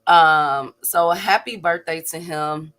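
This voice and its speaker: A woman hosts a casual online boxing show. Her voice is bright and forward, and she talks in an easy, chatty way, laughing often and calling out viewers by name between news items. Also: sits low, slow. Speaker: host. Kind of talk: casual live-stream chat.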